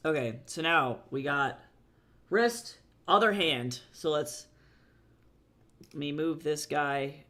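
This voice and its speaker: A man's voice: on the high side, slow, pauses often, bright, forceful tone. Self-mocking man chatting while he draws. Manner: rambling, self-deprecating, thinks aloud. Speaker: webcomic artist streaming. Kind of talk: casual livestream chat while drawing.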